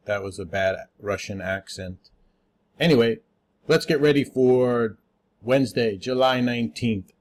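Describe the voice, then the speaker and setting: A man's voice: mid-range voice, unhurried. A man hosting a casual daily stock market rundown, talking unscripted with lots of "uh" fillers and spelling out tickers letter by letter. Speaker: stock market watchlist host.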